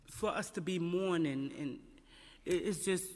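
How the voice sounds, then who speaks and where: A woman testifying at a council hearing about her son, emotional and close to tears, halting and repeating her questions. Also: fairly low pitch, a little mellow. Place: large council chamber. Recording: long echo of a large hall.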